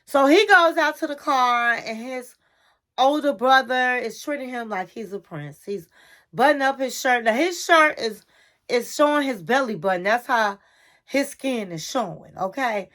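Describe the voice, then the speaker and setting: Woman, high voice, sassy, chatty, casual TV recap commentary. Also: lively intonation, moderate pace, fairly bright tone. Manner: sassy, chatty, addresses the listener as honey. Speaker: reality TV recap host.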